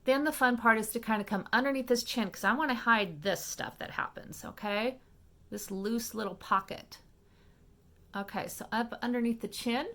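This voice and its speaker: A woman hosting a makeup tutorial, talking viewers through each step in a chatty, fast-paced way and often checking in with them. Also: mid-range voice, fairly bright tone. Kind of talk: casual step-by-step makeup demonstration.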